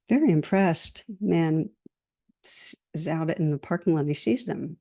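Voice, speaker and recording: In a low, creaky voice, a middle-aged woman delivers a meditation teacher's dharma talk. She stays gentle and measured throughout, sharing stories and listing items at an unhurried pace.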